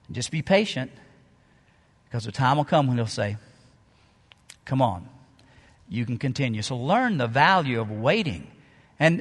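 Pastor preaching in a reverberant hall. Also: male voice, fairly high pitch. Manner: storytelling, dramatic pauses, shifts loud and soft. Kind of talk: sermon. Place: church sanctuary. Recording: long reverb of a large hall.

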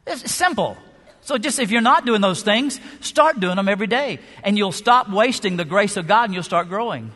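A man's voice: high-pitched, lively intonation, normal speed, fairly bright tone. A man preaching a sermon as pastor, emphatic, with rhetorical questions and shifting pace. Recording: long hall reverb.

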